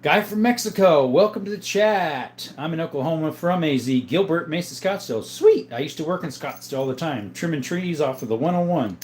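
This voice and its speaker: Man from southern Arizona, livestream host, slightly high voice, reads viewer questions aloud and answers in an easygoing, chatty way. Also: expressive, brisk, few pauses. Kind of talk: casual live-chat talk.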